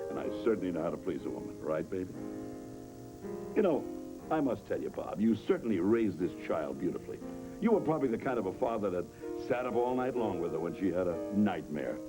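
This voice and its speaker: A man's voice: fairly low pitch, sing-song, a little fast, over music, poor audio. A comedian voicing a smug, oily would-be seducer who boasts of his sophistication. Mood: smarmy.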